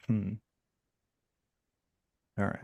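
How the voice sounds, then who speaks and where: A man from Michigan hosting a live stream, chatting casually and jokingly with the audience and pausing often on fillers. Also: fairly low pitch, level tone, gravelly, a little mellow, no echo, studio quality. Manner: playful, jokey, chatty with frequent fillers. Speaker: livestream host.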